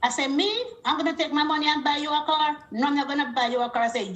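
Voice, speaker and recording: A woman's voice: high-pitched, fast talker. A woman caller on a call-in show, telling a story and acting out the other people's lines as she quotes them. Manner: animated, acts out quoted dialogue. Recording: roomy echo.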